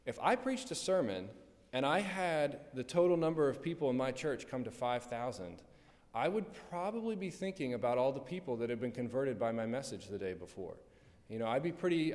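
A man's voice: fairly high pitch, a little mellow. A pastor preaching a sermon, pressing his point with rhetorical questions and repeated words. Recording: long hall reverb.

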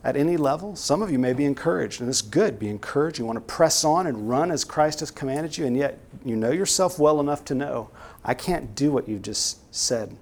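A man's voice: mid-range voice, lively intonation, brisk, a little mellow. A man preaching a sermon, earnest and exhorting, with many direct rhetorical questions to the listeners.

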